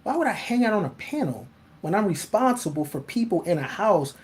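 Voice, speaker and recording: A man's voice: sits high, very animated, brisk, darkish tone. A man hosting a casual monologue, talking bluntly and animatedly, swearing freely and laughing often. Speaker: host.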